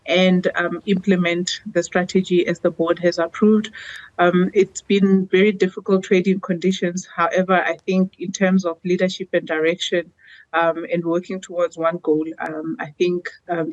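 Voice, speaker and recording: A woman executive answering news interview questions in a measured way, with many 'um' fillers. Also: on the low side, darkish tone, muffled recording. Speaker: company executive.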